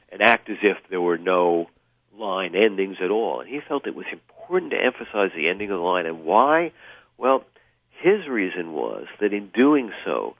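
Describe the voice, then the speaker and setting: Deep-voiced man talking over a phone line. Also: dry recording. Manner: thoughtful, many fillers and restarts. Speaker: author and guest. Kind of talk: radio interview, explaining at length. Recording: tinny phone line, dry.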